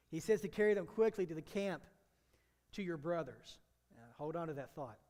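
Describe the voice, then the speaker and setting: Man, pastor, high voice, animated sermon, voices the characters, long reverb. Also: moderate pace. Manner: animated preaching, acting out biblical characters' voices.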